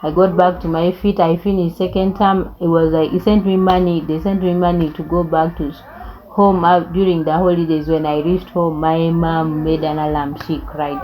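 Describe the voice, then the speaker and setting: A woman's voice: lowish voice, little pitch movement, normal speed, highs cut off, slight background noise. A young woman, telling her life story in an earnest, reflective way. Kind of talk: personal storytelling.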